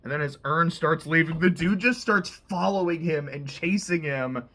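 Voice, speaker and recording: A man with a fairly high, sharp-toned voice recaps TV episodes at a moderate pace. His delivery is loose and casual, with free swearing and constant use of "like."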